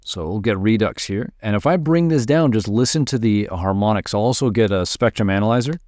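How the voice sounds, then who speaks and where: A man casually teaching music production, thinking aloud while he works and muttering at his software. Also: fairly low pitch, brisk, dry recording, clean studio sound. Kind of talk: casual screen-recorded tutorial.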